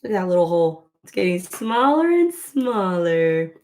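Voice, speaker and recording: A woman's voice: fairly low pitch, big pitch swings, moderate pace, a little mellow. A woman chatting casually at home while she crochets, rambling along with lots of filler words. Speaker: crochet vlogger.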